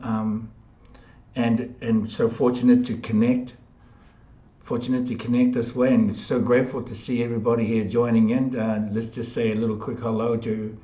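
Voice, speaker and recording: An upbeat man hosts a live online chat and laughs easily as he talks. His voice sits at an ordinary middle pitch. The room rings around him, and the sound is slightly dull and muffled. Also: dark tone, echoey room. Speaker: host.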